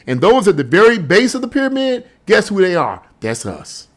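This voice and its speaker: A male commentator with a high voice talks straight to his viewers in a casual opinion vlog. He is emphatic and scoffing, firing off rhetorical questions and repeating his points for weight. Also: huge pitch swings, normal speed. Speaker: political commentator.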